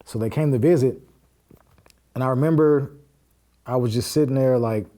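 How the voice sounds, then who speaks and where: A man's voice: mid-range voice, moderate pace, warm tone. A man, a podcast guest, casually recounting a personal story and acting out the quoted dialogue in plain, blunt words. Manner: acts out quoted dialogue while recounting events; plain-spoken, with frequent fillers and curse words.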